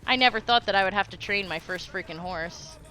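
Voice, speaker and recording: Bright-voiced chatty woman streamer. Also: medium pitch, a little fast, faint music behind. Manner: chatty, laughs often while telling stories. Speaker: live streamer. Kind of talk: casual chat while streaming a game.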